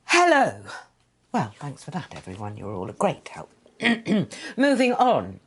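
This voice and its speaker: A woman's voice: low-pitched, huge pitch swings, measured pace, slight background noise, heavily acted. An actress playing a snooty woman who hosts a family quiz over a video call, pompous, proper and sarcastic. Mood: prim. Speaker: family member hosting a quiz round.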